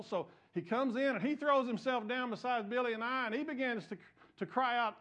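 A pastor preaching a sermon, telling stories with self-mocking humor and frequent restarts. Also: male voice, very high voice, fairly quick, a bit bright.

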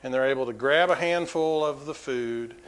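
A man preaching a sermon to his congregation, swinging between quiet asides and loud, emphatic peaks. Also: mid-range voice, moderate pace. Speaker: pastor.

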